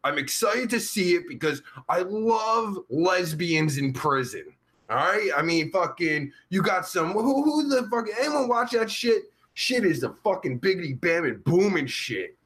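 A man's voice: high-pitched, big pitch swings, measured pace, a bit bright, full character voice. A man playing a crude, vulgar livestream host who rambles profanely while reading out chat. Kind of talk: live chat comedy stream.

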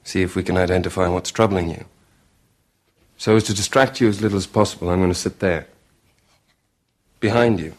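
An actor playing a calm, measured male psychiatrist who speaks softly and deliberately in a film trailer. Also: low-pitched. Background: film trailer clip.

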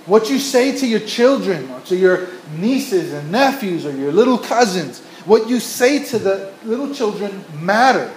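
This is a pastor preaching in a church, his voice notably high for a man. He tells stories earnestly, doubling back and repeating himself as he builds his point. The sound rings in an echoey room with faint ambience behind him. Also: big pitch swings, unhurried, hardly any pauses, slight background noise. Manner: earnest storytelling with many restarts and repetitions. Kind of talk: sermon.

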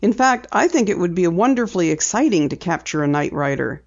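A woman narrator lifts her voice for an eager teenage girl, playful and teasing, quick with a joke. The sound is dull and lo-fi, like an old recording. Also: fairly low pitch, very animated.

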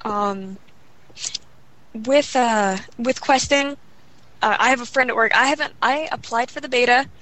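A young woman chatting casually about games, talking quickly and rambling with lots of fillers. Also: on the high side, a bit bright, low-quality recording. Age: young adult. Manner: rapid, rambling, full of fillers. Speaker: guest gamer. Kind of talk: casual chat.

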